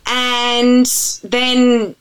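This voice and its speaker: A woman's voice: a little high, little pitch movement, extremely slow, slight background noise, rough recording. An Australian radio presenter, a woman, chatting animatedly as a guest in an interview, telling stories at length. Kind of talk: casual interview chat.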